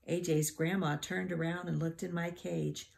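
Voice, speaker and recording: A woman teacher reading a children's storybook aloud in an unhurried, expressive way. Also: fairly low pitch, gravelly.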